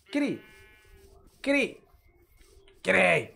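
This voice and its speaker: A young man giving casual let's-play commentary, mumbling asides and bursting into loud yelps and cheers. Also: on the high side, lively intonation, a little slow. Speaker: gaming commentator.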